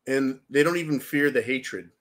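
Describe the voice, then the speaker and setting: A man's voice: medium pitch, moderate pace. A man hosting a political commentary show, delivering a vehement, profane rant that keeps turning to address his audience as "folks".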